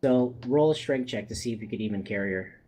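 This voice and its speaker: A man running a tabletop game as game master, narrating in a relaxed way with lots of fillers. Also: lowish voice, fast.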